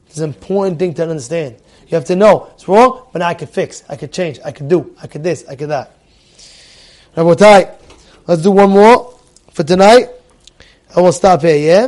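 Animated high-voiced male Torah teacher. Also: normal speed, long pauses. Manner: animated, repeats phrases for emphasis, asks the audience questions; uses Hebrew terms. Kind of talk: Torah class lecture.

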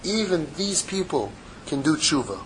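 A man giving an impassioned Torah sermon, mixing Hebrew terms into English and swinging from loud pleading to hushed, intimate tones. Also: fairly high pitch, sing-song, moderate pace, slight background noise, poor audio. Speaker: rabbi giving a Torah class.

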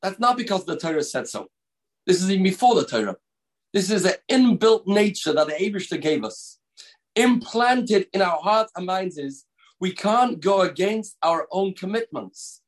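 A man giving a daily Torah lesson as a rabbi, earnest and emphatic, slowing down to stress key words. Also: high-pitched, very animated. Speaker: rabbi teaching a daily class. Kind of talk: recorded Torah lecture.

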